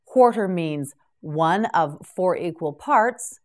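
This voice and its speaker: Female English teacher, low-ish voice, very slow and melodic, pronounces each word with care for beginners. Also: lively intonation. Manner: carefully enunciated, repeats each word for the listener. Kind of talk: slow vocabulary drill for beginners.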